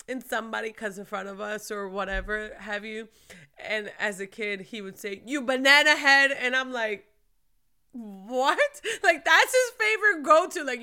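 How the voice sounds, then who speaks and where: A woman pastor giving a casual faith talk to her viewers, emphatic and swinging from quiet to shouting. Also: medium pitch, clean tone. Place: lives in Florida.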